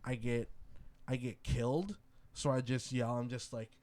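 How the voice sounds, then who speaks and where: A young man co-hosting a podcast, talking in a laid-back, slangy way and getting animated when he tells stories. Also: mid-range voice, a little slow, slight background noise. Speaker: podcast co-host. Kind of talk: casual chat.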